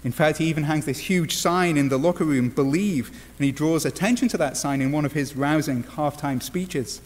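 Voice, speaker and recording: A man's voice: on the high side, moderate pace, big-room sound. A man from England with an English accent, preaching an earnest sermon with wry asides and frequent "uh" fillers. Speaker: pastor.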